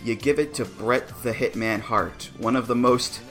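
A man's voice: mid-range voice, moderate pace, a bit bright, soft background music. A man co-hosting a podcast, chatting casually and with amusement, laughing often and restarting his sentences. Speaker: podcast co-host. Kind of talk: casual review chat.

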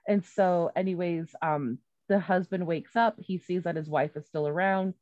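Woman, lowish voice, casual rambling chat, swears a lot, dry slightly dull recording. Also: fairly even intonation, moderate pace, darkish tone, dry recording. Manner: rambling and profane, with many fillers and restarts.

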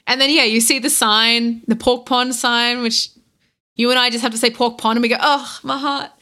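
A young Australian woman talks through a game she loves in a casual podcast chat. Her voice is bright and sits a little high, and she keeps slipping into quick acted-out lines from the story, laughing between them. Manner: animated, laughing, acts out game characters' lines. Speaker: podcast guest.

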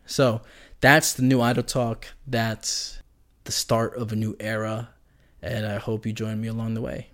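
A man's voice: on the low side, little pitch movement, measured pace, a bit bright. A man hosting a casual solo podcast, rambling and joking in a slangy way. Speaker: podcast host.

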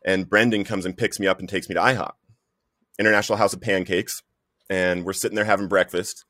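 A man's voice: sits low, fairly even intonation, a little fast, a bit bright, no room sound, clean studio sound. A man giving an earnest, emotional personal testimony in conversation, often calling the listener "bro". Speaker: guest sharing recovery story.

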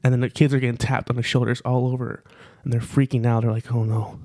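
A man's voice: mid-range voice, level tone, quick pace, a little mellow, dry recording, clean studio sound. A man co-hosting a podcast, telling a rambling story casually with lots of fillers and repeated phrases. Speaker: podcast co-host.

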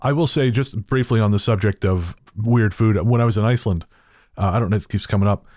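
A man co-hosting a podcast, talking in a halting way with restarts and self-deprecating laughs. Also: fairly low pitch, darkish tone, no room sound, studio quality. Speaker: podcast co-host. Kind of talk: casual chat.

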